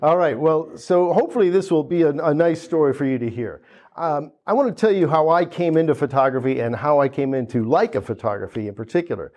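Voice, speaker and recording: A man's voice: on the high side, animated, fairly quick, darkish tone. A man in his fifties from the United States telling a funny story at a gallery opening, acting out the people he quotes, with many restarts. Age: 50s. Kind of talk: storytelling talk.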